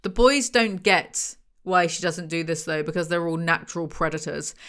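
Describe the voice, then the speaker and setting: A woman's voice: on the low side, fairly even intonation, moderate pace, a bit bright. A woman reviewing a book with dry, sarcastic humor.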